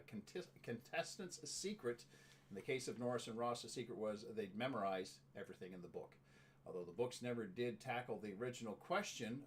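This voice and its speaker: A man's voice: mid-range voice, slight background noise. A man hosting a casual talk show, reading facts aloud with stumbles and joking asides. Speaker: show host. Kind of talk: casual chat.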